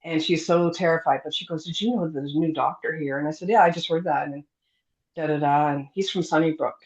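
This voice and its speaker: A woman's voice: deep voice, a little fast. Chatty woman telling her story. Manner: lively storyteller, acts out quoted dialogue, many fillers. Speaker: guest telling her near-death story. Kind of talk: casual storytelling interview. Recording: dull lo-fi sound.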